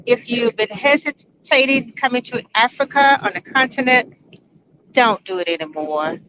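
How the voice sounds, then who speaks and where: A woman's voice: fairly high pitch, moderate pace, noisy background. A woman in her sixties, a guest nearing retirement, speaks enthusiastically and emphatically about her visit. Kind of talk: casual testimonial. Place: outdoors on a beach. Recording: dull lo-fi outdoor recording.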